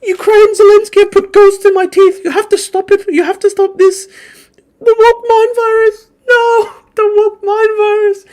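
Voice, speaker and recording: A man doing a mocking impression of a panicky man who sobs and pleads in a high falsetto whine. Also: level tone, normal speed, a little mellow. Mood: sobbing panic.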